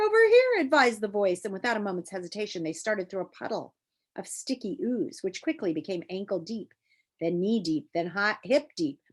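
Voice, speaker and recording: In a mid-range voice, a woman reads a children's novel aloud, telling the story expressively.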